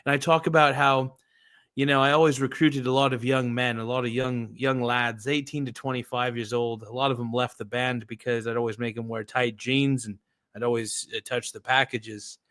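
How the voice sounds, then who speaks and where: A man's voice: mid-range voice, flat delivery, normal speed, fairly bright tone. A laid-back man hosts a podcast in loose, casual chat. He swears freely and keeps calling his guest dude. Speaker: podcast host.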